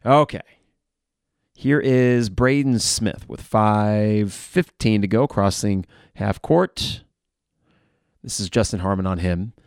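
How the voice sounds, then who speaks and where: A man hosting a live game reaction podcast, blunt and frustrated, who swears and flares into shouting. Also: fairly low pitch, takes it slowly, vocal fry, smooth, no room sound, clean studio sound.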